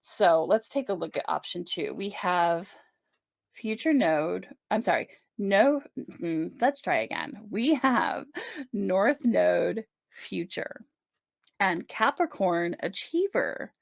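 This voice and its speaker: Gravelly low-voiced woman tarot reader. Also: sing-song, takes it slowly, dry recording, clean studio sound. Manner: chatty, reassuring, many "right?" check-ins. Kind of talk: casual tarot reading to camera.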